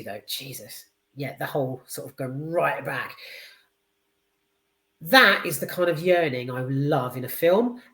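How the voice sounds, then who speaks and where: A woman reviews a film in a casual, rambling way, swearing and hesitating often. Her voice sits low for a woman. The room adds a noticeable echo. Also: fairly bright tone. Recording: roomy echo.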